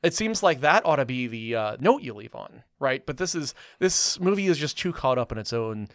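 Animated rambling man reviewing a film. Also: mid-range voice, moderate pace, dry recording, clean studio sound. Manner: animated, rambling with many restarts and fillers. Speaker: film podcast co-host. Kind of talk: casual film review chat.

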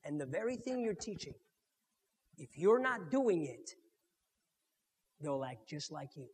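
A man pastor preaching a sermon, swinging from loud to murmured and mimicking churchgoers in quick mock voices. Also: on the high side, sing-song, slightly rough. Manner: preaching with sharp swings in loudness, dropping to near murmurs. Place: church sanctuary. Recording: long reverb of a church hall.

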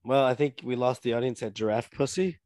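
A man's voice: medium pitch, steady tone, brisk, darkish tone, no room sound, studio quality. A man co-hosting a podcast, making laid-back, wry remarks in casual chat. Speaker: podcast co-host.

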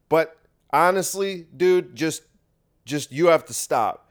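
A man's voice: on the high side, lively intonation, slow pace. A man hosting a solo podcast, talking in a rambling, profane and sarcastic way while congested. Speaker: podcast host.

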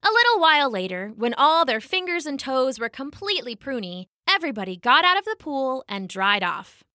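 A woman narrating a children's story as the show's storyteller, reading aloud in a warm, expressive way. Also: sits high, a little fast, no echo, studio quality.

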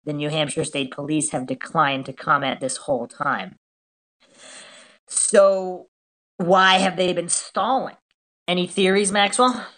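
A woman with a fairly low voice hosts a casual true-crime podcast. She reads out reports and posts, then picks them apart in a skeptical, questioning way. She often puts questions to her co-host. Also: steady tone, measured pace, a bit bright.

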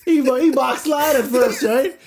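A man's voice: extremely high pitch, measured pace, noisy background. A man co-hosting a faith podcast in casual chat, laid-back and peppering his talk with "bro" and "you know what I mean". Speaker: podcast co-host.

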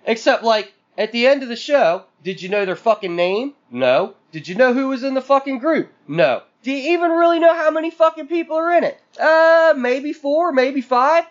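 A man's voice: very high voice, animated, moderate pace, hardly any pauses, dull audio. A man co-hosting a podcast, venting in a profane, exasperated rant full of sarcastic mock quotes. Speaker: podcast co-host.

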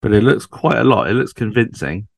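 A man's voice: on the low side, expressive, a little fast, creaky, a little mellow, dry recording, clean studio sound. A man co-hosting a podcast in casual chat, chatty and fond of tag questions. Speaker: podcast co-host. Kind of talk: casual chat about a TV sitcom.

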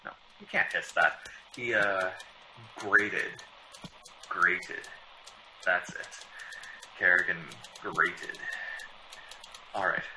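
A man's voice: sits low, very slow, pauses often, bright, forceful tone, slight background noise, exaggerated voice, poor audio. A man playing a fussy writer who mutters over his own draft, in 1940s radio acting.

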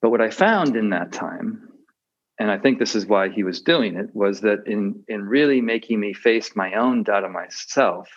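A man's voice: lowish voice, animated, normal speed. A man giving a reflective dharma talk as a meditation teacher. He often hesitates with fillers and restarts his sentences. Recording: dull muffled audio.

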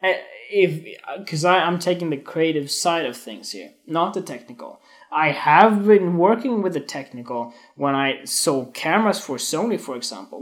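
A man hosting a casual photography talk on a live stream, candid, swearing often, restarting his sentences and growing emotional. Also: a little high. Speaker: photography podcast host. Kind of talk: casual spoken monologue on Instagram Live.

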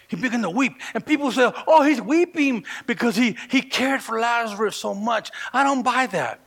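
A male pastor preaching a sermon with fervor, dropping to hushed lines and rising to shouted peaks, often stumbling and restarting his words. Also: extremely high pitch, expressive, moderate pace.

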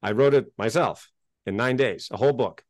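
Animated middle-aged man, dry close sound. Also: medium pitch, normal speed, no echo. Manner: animated and emphatic, gets worked up. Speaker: interview guest. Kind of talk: storytelling in a podcast interview.

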